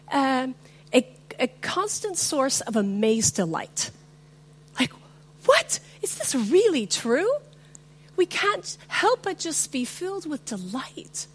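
A woman giving a reflective, self-deprecating talk on faith with a personal story, often pausing with fillers. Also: sits high, a bit bright. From not from the US.

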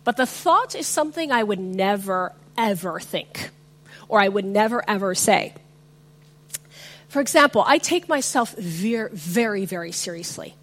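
A woman giving a reflective, self-deprecating talk on faith with a personal story, often pausing with fillers. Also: medium pitch, lively intonation, fairly bright tone. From not from the US.

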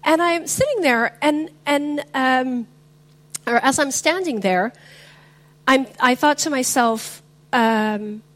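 A woman giving a reflective, self-deprecating talk on faith with a personal story, often pausing with fillers. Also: high voice, a bit bright. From not from the US.

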